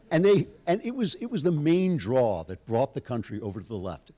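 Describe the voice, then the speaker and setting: Older American male lecturer, middle pitch, emphatic and sarcastic. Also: big pitch swings, brisk, a little mellow. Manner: emphatic, punchy one-word headings, sarcastic asides. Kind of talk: speaking at a lecture.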